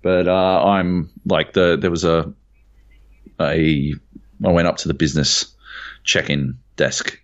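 Jet lagged aussie guy ranting about a trip, low voice, swears lots, kinda muffled audio. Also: takes it slowly, pauses often. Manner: animated storyteller, swears a lot. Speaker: podcast co-host. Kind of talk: casual chat. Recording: dull lo-fi audio.

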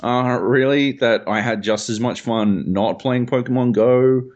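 A young man co-hosts a podcast, rambling through casual stories, swearing freely and laughing often. His mid-range voice has a darkish tone and an unhurried pace, though the audio sounds dull.

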